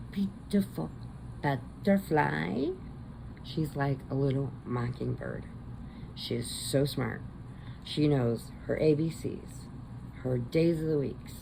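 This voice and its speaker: A middle-aged woman chatting casually as a crochet vlogger, telling family stories with animated quoted voices. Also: a bass voice, vocal fry, background noise. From American Midwest. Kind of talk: casual chat.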